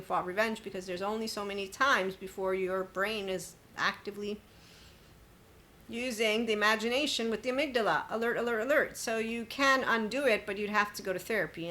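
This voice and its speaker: With a sharp tone at medium pitch, the female host of a spiritual self-help podcast talks through an emphatic, chatty monologue. She quotes other people and laughs suddenly along the way.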